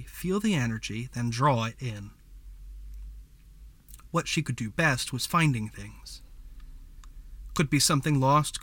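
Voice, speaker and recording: A man narrating a fantasy story as a scripted audiobook reading, in a measured storytelling manner. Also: mid-range voice, a bit bright, no room sound.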